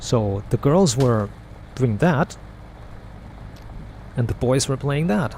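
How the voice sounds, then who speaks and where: A man with a gravelly, creaky voice of middling pitch gives blunt, opinionated commentary while playing a game. He rambles, often repeats himself and restarts his sentences. A faint hum of game vehicle noise sits under his talk. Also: lively intonation, takes it slowly, darkish tone. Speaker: gamer streaming a playthrough.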